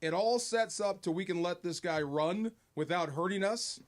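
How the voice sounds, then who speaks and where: A man's voice: high voice, moderate pace. A man co-hosting a sports talk radio show, easygoing and teasing in the back-and-forth. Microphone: studio mic.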